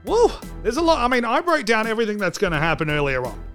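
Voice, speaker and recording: Aussie guy hosting a jokey podcast, fairly high voice, swears a lot, faint music behind. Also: quick pace. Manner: joking, animated, swears for laughs. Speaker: podcast host. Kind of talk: comedic podcast monologue.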